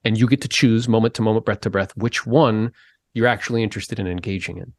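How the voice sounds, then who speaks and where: A man hosting a podcast, talking in a casual interview style, animated and emphatic as he pushes his pitch up to stress points. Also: quick pace, no room sound. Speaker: podcast host.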